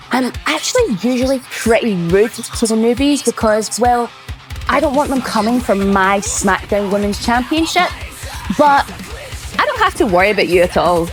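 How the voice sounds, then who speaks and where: A woman's voice: on the high side, lightly acted. A woman voicing a brash Scottish wrestling champion. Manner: brash, condescending. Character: cocky female wrestling champion, dismissive of rookies. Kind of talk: video game cutscene dialogue.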